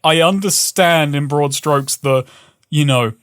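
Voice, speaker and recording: A man's voice: a little high, unhurried, fairly bright tone. A man co-hosting a casual film podcast, hesitant at times, picking apart the plot analytically. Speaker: podcast co-host.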